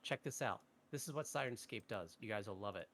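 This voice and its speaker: A man co-hosting a tabletop game stream over a video call, casually explaining the sound effects software he runs. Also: fairly low pitch, expressive, brisk. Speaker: co-host running the sound effects.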